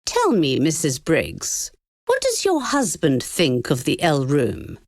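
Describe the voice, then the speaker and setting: A woman voicing a prim, firm female school official who speaks in a measured, formal, insistent way. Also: sits low, wildly swooping pitch, dry recording, clean studio sound, heavily acted. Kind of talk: animated story dialogue.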